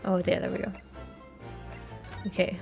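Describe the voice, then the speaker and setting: A woman's voice: a little slow, a little mellow, soft background music. A woman hosting a game playthrough, chatting and thinking aloud with a giggly, casual manner. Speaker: gaming channel host. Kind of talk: let's play commentary, reading dialogue aloud.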